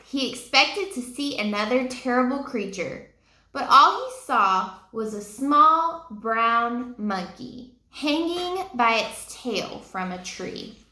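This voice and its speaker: A woman reads a children's book aloud, expressive and unhurried, and stops to ask her listeners questions. Her voice is high, lively and bright. It rings in a roomy space. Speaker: storyteller reading aloud. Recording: roomy echo.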